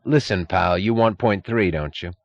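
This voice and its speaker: A man's voice: low-pitched, normal speed, dry recording, highs cut off. A man voicing a blunt, sardonic union boss. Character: tough sardonic male union boss, muscular.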